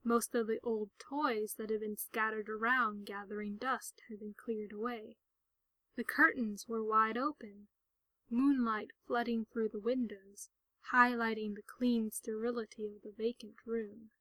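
A woman narrating a story in a soft, gentle, half-whispered voice. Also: a little high, fairly even intonation, measured pace, dry recording, rough recording.

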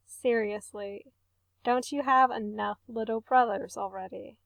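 A woman's voice: fairly high pitch, fairly even intonation, measured pace, gravelly, dry recording. A woman voicing an easygoing young man who teases with amusement, in an audiobook reading. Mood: teasing. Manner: teasing, amused.

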